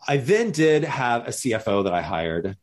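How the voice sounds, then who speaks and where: A man's voice: mid-range voice, normal speed. A man telling a story in casual conversation, acting out the lines of other people as he goes. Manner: animated, acts out other people's lines in jumpy voices. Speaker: guest.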